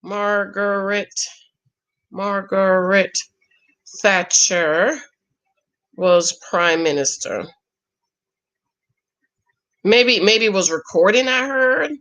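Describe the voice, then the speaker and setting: A woman's voice: mid-range voice, extremely slow, pauses often, a bit bright. A woman in her forties from Jamaica, chatting and exclaiming as she reacts live to a show, greeting her viewers. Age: 40s. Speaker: reaction host. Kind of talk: live watch-along commentary.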